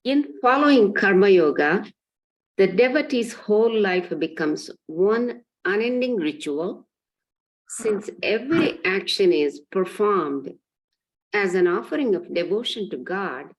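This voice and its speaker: A woman reads a religious text aloud to a study class. Her reading is slow, careful and even. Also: mid-range voice, poor audio. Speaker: reader in a class.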